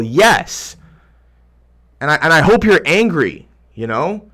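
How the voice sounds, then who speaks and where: A man's voice: medium pitch, lively intonation, unhurried, a bit bright. A young man hosting a livestream, reading viewer comments aloud in a heated, rambling rant full of restarts. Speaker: YouTuber reading chat.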